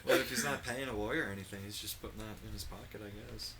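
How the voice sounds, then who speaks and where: Fast-talking low-voiced man, dry. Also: sharp tone, a little hiss or hum. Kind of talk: casual podcast chat.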